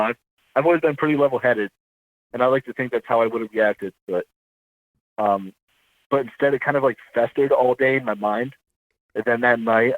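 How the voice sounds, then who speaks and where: A man's voice: medium pitch, no room sound. Man with tinny phone-like sound. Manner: rambling, halting, self-correcting. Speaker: army veteran guest. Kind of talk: casual storytelling interview.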